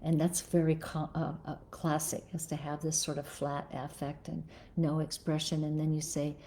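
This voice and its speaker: Middle-aged woman therapist doing a live q&a, low warm voice, lots of ums and restarts. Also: little pitch movement, moderate pace, slight background noise. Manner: thoughtful, frequent fillers and restarts. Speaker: psychologist hosting a live Q&A. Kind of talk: live-stream advice talk, reading viewer comments.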